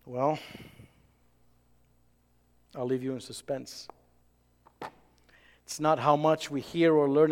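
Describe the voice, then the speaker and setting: A man with a high voice preaches in an unhurried way, drawing out his words. He is animated, acting out dialogue and dropping to a hush between louder passages. The sound rings with long reverb, as in a church hall. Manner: animated, acts out dialogue, swings from loud to hushed. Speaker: pastor. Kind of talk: sermon.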